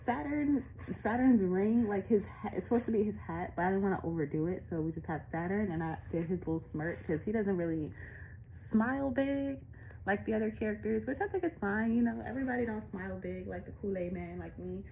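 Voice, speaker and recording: A woman's voice: medium pitch, fairly quick, vocal fry, warm tone, slight background noise, low-quality recording. A woman illustrator walking through her picture book in a casual, chatty way, out of breath and laughing often.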